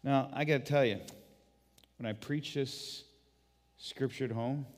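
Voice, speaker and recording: A man's voice: medium pitch, fairly even intonation, measured pace, big-room sound. A man preaching a sermon as a guest pastor, telling stories animatedly with frequent restarts.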